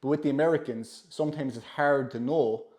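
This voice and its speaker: A Northern Irish man chats casually and rambles on. His voice sits in a middle pitch. It sounds roomy, as if in an echoey room. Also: a little fast, darkish tone. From Northern Ireland. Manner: chatty, rambling, laughs often. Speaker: host. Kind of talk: casual chat.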